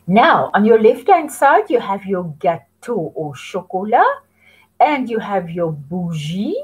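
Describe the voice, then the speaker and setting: A woman's voice: medium pitch, very animated, husky, rough recording. A woman teaching French to young children, patiently modelling phrases for them to repeat. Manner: slow, patient, sing-song prompting for repetition. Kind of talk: children's language lesson.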